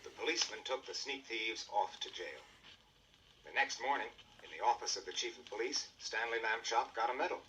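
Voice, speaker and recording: A man narrating a children's storybook record with expressive storytelling. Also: medium pitch, brisk, distant mic, slight background noise, low-quality recording.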